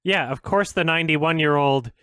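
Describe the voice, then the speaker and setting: A man's voice: fairly high pitch, moderate pace, fairly bright tone, clear, resonant tone, no room sound. A man giving exasperated, swearing stream commentary as a film critic, laughing often.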